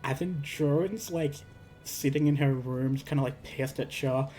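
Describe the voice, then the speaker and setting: Speaking a little slowly in a mellow, medium-pitched voice, this man recounts a tabletop game session as a streamer. His storytelling is rambling and full of fillers and restarts, and he voices the characters, with faint music behind.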